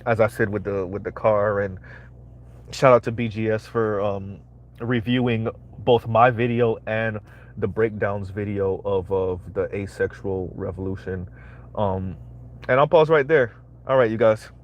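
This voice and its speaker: A man's voice: lowish voice, a little slow, lo-fi sound. A man hosting a live-streamed commentary, talking emphatically, repeating his phrases and asking "right?" again and again. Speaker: commentary channel host.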